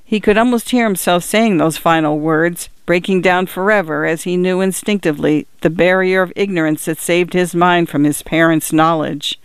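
A man narrating a literary story in a measured, even-toned reading. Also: high voice, clear, resonant tone, no room sound. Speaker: audiobook narrator.

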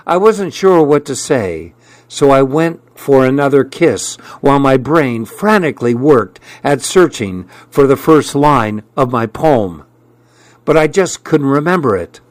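A man narrating a first-person story as an audiobook, with measured storytelling. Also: mid-range voice, very animated, no echo.

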